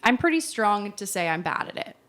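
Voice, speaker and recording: Australian woman co-host, young adult, chatty and animated, slips into voices when quoting. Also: medium pitch, a little fast. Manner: animated storytelling, acts out quoted voices, laughs often. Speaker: podcast co-host. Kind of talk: casual chat.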